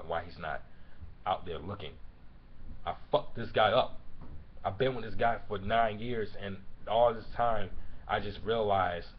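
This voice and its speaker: A man venting about a breakup in a profane personal rant, dropping to a low mutter and then building to loud shouting. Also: husky. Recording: dull lo-fi recording.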